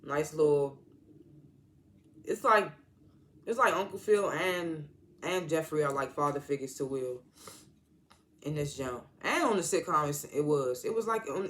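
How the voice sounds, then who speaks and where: Male reviewer, casual and rambling, slightly high voice, leans on fillers and restarts. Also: expressive, normal speed, pauses often, a bit bright. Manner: rambling, heavy use of "like", restarts; slangy, informal grammar. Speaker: TV episode reviewer. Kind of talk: casual episode recap.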